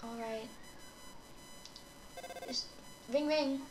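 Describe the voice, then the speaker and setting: A woman's voice: on the high side, unhurried, pauses often, slight background noise. A woman casually talking through a video game, hesitant and trailing off as she reads along. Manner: hesitant and mumbling, trailing off with "I guess". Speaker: gamer. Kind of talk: casual let's-play commentary. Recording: echoey room with game music.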